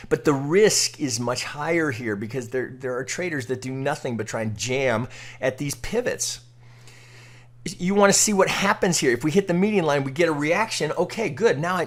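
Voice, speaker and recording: Guy teaching trading off a chart, loose and blunt, bit of swearing, voice jumps all over. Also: medium pitch. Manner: casual, rhetorical, peppers talk with "right?" and mild cursing. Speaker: trading educator. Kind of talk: screen-recorded chart walkthrough.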